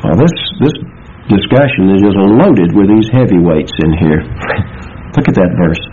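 A man delivering an expository sermon, his voice swinging widely and rising as he drives each point home. The recording is muffled and lo-fi, with a faint hiss underneath. He sits a little higher than most men. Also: expressive, unhurried, warm tone. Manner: emphatic, quotes scripture with rising intensity. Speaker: preacher.

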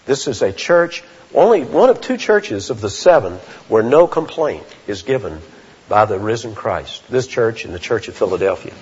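A man preaching a sermon as a pastor, earnest and deliberate, often restarting his phrases. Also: medium pitch, a little mellow, slightly rough. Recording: dull lo-fi sound with long hall reverb.

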